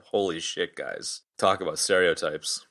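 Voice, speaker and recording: Deep, bright-toned playful man. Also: normal speed. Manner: playful, tangent-prone. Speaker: podcast co-host. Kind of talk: casual movie chat.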